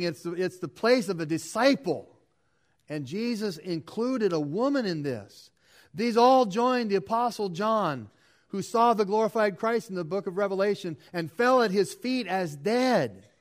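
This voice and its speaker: Preaching man with a fairly high voice. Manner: preaching with rising emphasis and repeated phrases. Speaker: pastor. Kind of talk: sermon.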